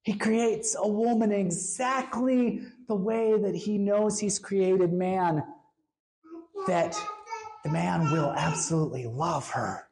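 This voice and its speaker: Expressive woman preaching a sermon. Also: mid-range voice, a little hiss or hum. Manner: expressive, slows down for emphasis and drops to a hush.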